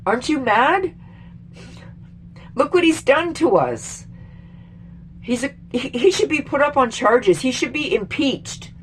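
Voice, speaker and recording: A middle-aged Canadian woman in a heated, swearing vlog rant, emphatic and exasperated, rambling with sudden jumps in pitch. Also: big pitch swings, a little slow, a little hiss or hum. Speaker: vlogger. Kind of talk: casual angry political rant.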